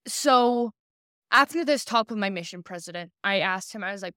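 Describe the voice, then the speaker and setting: A woman's voice: mid-range voice, animated, moderate pace, bright, forceful tone, clean tone, no room sound, studio quality. Earnest young woman telling her story. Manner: earnest, acts out quoted dialogue. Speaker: podcast guest. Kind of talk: personal storytelling in an interview.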